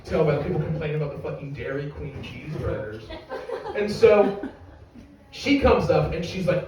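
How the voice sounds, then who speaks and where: A man's voice: a little high, animated, moderate pace, darkish tone, lo-fi sound. Young man, stand-up comedian, rambling and profane, very echoey distant room. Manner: rambling, profane, self-mocking. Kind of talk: stand-up storytelling. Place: comedy venue with audience.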